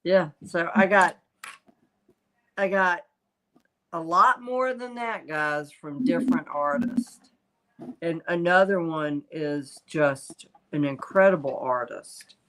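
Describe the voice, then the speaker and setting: An older woman, a psychic medium hosting a casual livestream, telling stories in an animated way. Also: fairly low pitch, slow pace, low-quality recording. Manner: animated storytelling, quotes spirits in voices. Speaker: psychic medium, show host.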